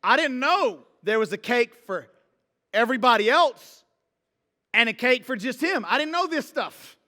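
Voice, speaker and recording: A man preaching a sermon, telling stories in a conversational, animated way and drawing the congregation in. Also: very high voice, normal speed. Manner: conversational, animated storytelling with a call-and-response feel. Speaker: pastor. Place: church sanctuary. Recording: reverberant church hall.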